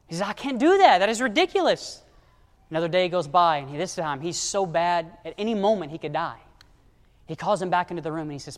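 High-voiced preacher in a reverberant hall. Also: male voice, lively intonation, quick pace. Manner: shifts to soft low tones for quoted characters, rising to loud high emphasis. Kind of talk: sermon storytelling.

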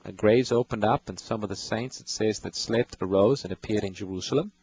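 Radio bible host, male, husky voice, patient explainer. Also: lowish voice, fairly quick, a little mellow, poor audio. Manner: patient, explanatory, reads verses aloud. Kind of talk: explaining scripture to callers.

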